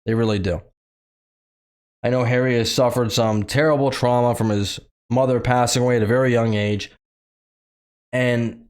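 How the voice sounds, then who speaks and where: A man from the United States, with a voice of ordinary pitch, gives opinionated commentary on a news story. He reads excerpts aloud and breaks off to mock them with sarcastic remarks. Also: a little mellow. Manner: sarcastic, mocking, laughs at the story. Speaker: commentary channel host.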